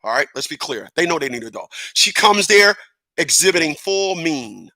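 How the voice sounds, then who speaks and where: A middle-aged male commentator gives a casual opinion monologue, emphatic and repeating words as he builds his case. His fairly high voice is very animated, bright, and forceful at normal speed, in a dry recording.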